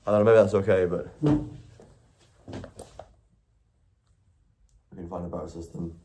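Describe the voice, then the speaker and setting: A young man talks casually on a live stream in a slightly low voice. He rambles and corrects himself mid-thought. Swearing comes easily in his chat. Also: steady tone, unhurried, warm tone, a little hiss or hum. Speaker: IRL streamer.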